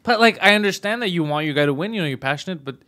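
A man's voice: sits high, expressive, rapid-fire, bright, forceful tone. A man joking through a casual podcast chat, slipping into exaggerated voices. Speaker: podcast host.

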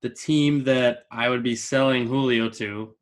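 A man's voice: medium pitch, steady tone, unhurried. A man co-hosting a casual sports talk show, laid-back and chatty. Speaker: co-host.

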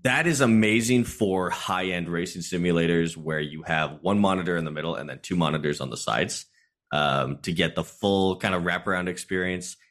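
A man's voice: low-pitched, moderate pace, fairly bright tone. A man, a streamer guest on a podcast, chatting casually and explaining his views at length.

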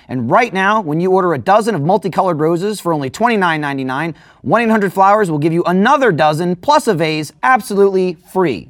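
A man's voice: sits high, fairly bright tone, dry recording, studio quality. A man reading a podcast sponsor ad in a mock-grand, joking way. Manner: mock-grand, jokey ad delivery. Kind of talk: sponsor read.

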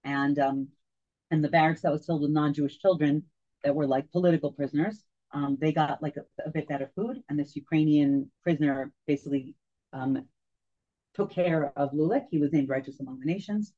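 A woman telling a story to a group, halting and full of fillers and restarts, as a tour guide. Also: low voice, dark tone. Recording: dull lo-fi recording.

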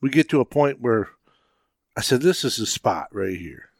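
A middle-aged man co-hosting a podcast, recounting events in a plain, steady way and quoting himself. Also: medium pitch, normal speed, creaky, breathy edge, dry recording, studio quality. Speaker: podcast co-host. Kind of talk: casual podcast storytelling.

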